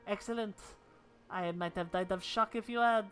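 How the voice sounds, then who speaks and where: A woman voicing a theatrical, bumbling gentleman inspector in a video game, speaking in old-fashioned formal phrasing. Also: medium pitch, moderate pace, faint music behind, lightly acted. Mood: dramatic.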